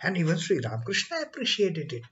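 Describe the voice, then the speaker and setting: A man's voice: sits high, sing-song, fast talker, a bit bright, highs cut off. A man reading scripture and explaining it in his own words, rephrasing and repeating himself as he goes. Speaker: scripture reader and teacher. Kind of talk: scripture reading with spoken commentary.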